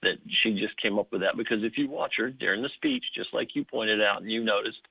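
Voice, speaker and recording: A man calling into a radio show, talking in halting phrases that he often restarts, over a phone line. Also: on the low side, vocal fry, husky, no echo. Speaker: caller. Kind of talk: call-in radio talk.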